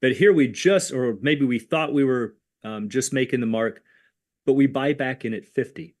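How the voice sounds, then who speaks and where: A man's voice: mid-range voice, moderate pace, a little mellow. A man co-hosting a livestreamed options lesson, explaining tax rules in a conversational way with worked examples. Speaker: options educator co-host.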